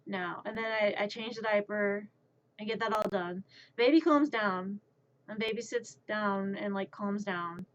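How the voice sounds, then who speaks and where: A woman's voice: medium pitch, measured pace. Rambling woman telling a story, muffled. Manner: rambling, stammering, repeats words. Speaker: streamer. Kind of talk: casual storytelling. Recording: muffled lo-fi stream audio.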